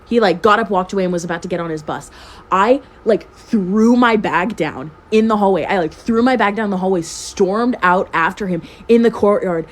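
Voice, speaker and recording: A woman's voice: medium pitch, moderate pace. A very tired young woman at home telling a messy personal story in casual chat, swearing freely and laughing often. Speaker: storytime vlogger. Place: at home with her cat.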